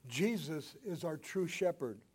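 An older man preaching a sermon, swinging between loud emphatic lines and hushed ones. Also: a little high, lively intonation, unhurried, breathy edge. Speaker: pastor.

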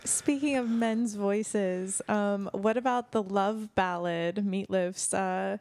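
A woman's voice: medium pitch, fairly even intonation, takes it slowly, a little mellow, a little hiss or hum. A woman co-hosting a talk show, hesitant and stumbling as she tries to steer the talk. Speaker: co-host. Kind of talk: casual talk show chat.

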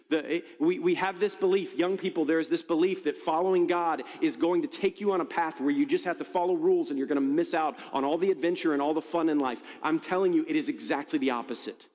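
A man's voice: a little high, fast talker, few pauses, a little mellow. A man preaching a sermon as a pastor, in a conversational, storytelling way with frequent restarts. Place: church auditorium. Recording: long reverb of a large church hall.

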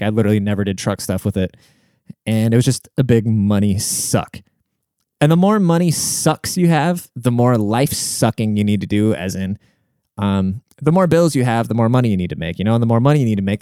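Smooth-voiced young man telling a rambling story. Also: mid-range voice, darkish tone, dry recording, studio quality. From Washington State, USA. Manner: rambling, profane, conversational. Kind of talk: casual storytelling monologue.

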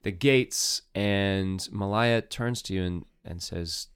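A man narrating a tabletop game as game master, slow and laughing often. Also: low-pitched, smooth, no room sound, studio quality.

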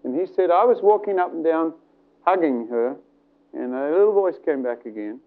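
Animated male preacher, tinny sound. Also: on the high side, normal speed. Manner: animated storytelling, acts out voices. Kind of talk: sermon with retold story.

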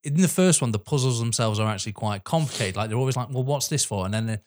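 A man in casual film chat, fast and laughing, retelling scenes with animation. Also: mid-range voice, darkish tone.

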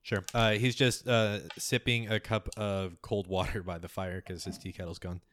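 A man narrating as game master of a tabletop game, relaxed and often hesitating with fillers. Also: lowish voice, moderate pace, slight background noise.

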